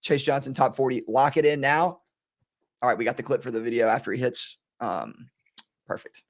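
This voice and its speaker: A man's voice: medium pitch, normal speed. A man hosting a sports betting podcast in casual chat, rambling and laughing often, his voice strained today.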